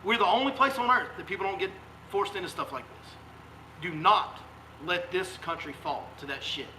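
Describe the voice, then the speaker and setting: Guide, male, heated live-stream rant, high voice, echoey recording. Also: moderate pace, pushed and bright, slight background noise. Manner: fiery, emphatic, repeats rhetorical questions. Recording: echoey room sound.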